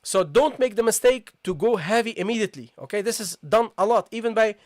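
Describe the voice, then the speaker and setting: A recitation teacher leads a live online tajweed lesson in a mid-pitched voice, explaining each point patiently and checking in with the class again and again. The sounds being taught are repeated slowly, and the voice is dry and close with no room echo. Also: lively intonation, darkish tone. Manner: addresses listeners casually as "guys".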